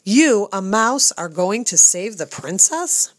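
A woman voicing a stout, middle-aged female castle cook who is gruff but kind and talks in rustic, folksy grammar. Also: lowish voice, lively intonation, a little slow, no room sound. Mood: amused.

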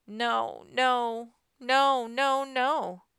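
Hotheaded boy castaway voiced by a woman, shouting, crisp bright voice, dry close sound. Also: medium pitch, expressive, takes it slowly, dry recording, exaggerated voice. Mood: despairing. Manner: shouting in bursts of anger.

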